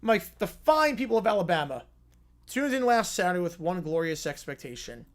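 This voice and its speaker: A man's voice: high-pitched, very animated, brisk. Guy doing a shady cartoon lawyer making a big pompous speech. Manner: pompous courtroom oratory. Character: sleazy bumbling cartoon lawyer, middle-aged man.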